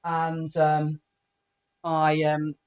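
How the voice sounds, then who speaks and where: A man's voice: fairly high pitch, extremely slow. A man in his forties co-hosting a casual comedy podcast, telling crude jokes and stories and acting out the voices of the people in them. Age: 40s. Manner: animated storyteller, acting out quoted voices; crude, joking. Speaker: podcast co-host.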